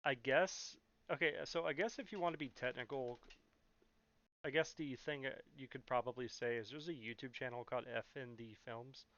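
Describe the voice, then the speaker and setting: A man's voice: mid-range voice, normal speed, fairly bright tone. A young man in California rambling through a casual question-and-answer vlog, full of fillers and blunt swearing. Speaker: YouTuber. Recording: dull, muffled, dry sound.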